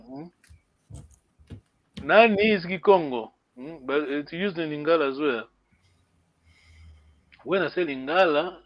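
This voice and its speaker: A man's voice: on the high side, no room sound, lo-fi sound. A man teaching an online language lesson, patient and repetitive, often checking that his students follow. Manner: patient, repeats words, asks "yeah?" to check understanding.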